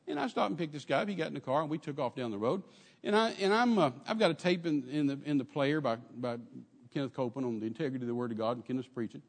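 An older Texan man preaches in a church, telling a story with emphatic repetition of phrases and calling out to the congregation. His voice is fairly high-pitched, expressive and fast, heard in a large hall.

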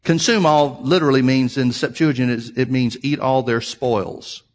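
A man's voice: mid-range voice, moderate pace. A man preaching a sermon, reading scripture aloud and explaining it, emphatic and repeating key phrases for his listeners.

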